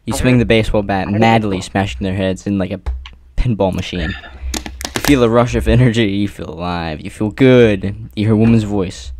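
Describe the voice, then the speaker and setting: Low, dark-voiced man reading dramatically. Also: a little hiss or hum. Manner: reads with theatrical pauses and rhetorical questions. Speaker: narrator reading an AI-written adventure. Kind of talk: dramatic second-person story reading.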